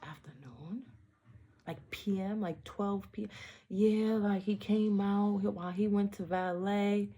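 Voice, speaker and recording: A woman's voice: medium pitch, steady tone, a little slow, warm tone, lo-fi sound. A woman from the Bronx in a casual, rambling monologue, blunt and profane, often breaking off mid-thought with playful asides. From the Bronx, New York. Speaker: vlogger.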